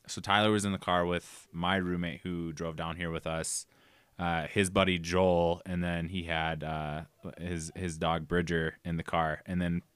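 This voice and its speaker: A man's voice: low voice, a bit bright, clean tone, dry recording. A young man from Minnesota, a podcast guest telling loose, rambling stories in casual chat. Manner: rambling storyteller, loose and chatty.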